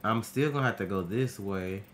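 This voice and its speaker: A man streaming a horror game, talking to himself in casual, profane, excitable commentary. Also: fairly low pitch, normal speed, a little hiss or hum. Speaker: gaming streamer.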